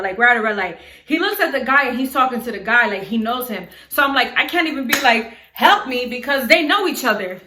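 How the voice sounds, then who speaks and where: A young woman from New York tells a vlog story in a bright, slightly high voice. She talks casually, peppers her speech with "like," and acts out what she said. The room around her sounds echoey. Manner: animated, acts out her own quotes, frequent "like". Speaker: storyteller vlogger.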